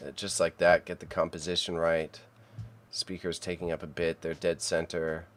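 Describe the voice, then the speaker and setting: A man with a fairly low voice chats casually on a live stream as he edits photos. He is chatty and self-mocking, and he mutters to himself while he works. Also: level tone, normal speed.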